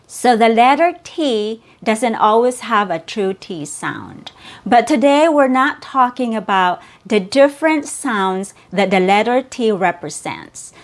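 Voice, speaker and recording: A woman whose first language is Cebuano, teaching an English pronunciation lesson and slowly repeating sounds and words for the learner. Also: fairly high pitch. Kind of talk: slow, clear pronunciation lesson.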